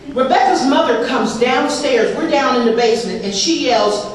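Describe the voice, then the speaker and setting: A woman in her forties shares her recovery story with an audience in a lively, humorous way, often laughing as she talks. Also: high voice, moderate pace. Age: 40s. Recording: echoey room, distant mic, background noise.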